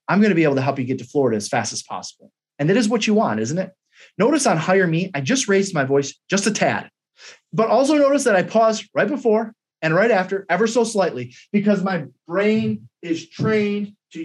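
A man with a high voice leads a sales training lesson. He coaches with emphasis, often repeats himself and models script lines aloud to show how they should sound.

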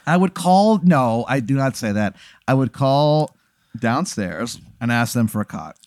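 A man hosting a podcast in casual comedic chat, playful and quick to laugh, answering as if he were inside the story. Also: medium pitch, lively intonation, a little mellow, no room sound, clean studio sound. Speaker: podcast host, comedy club owner.

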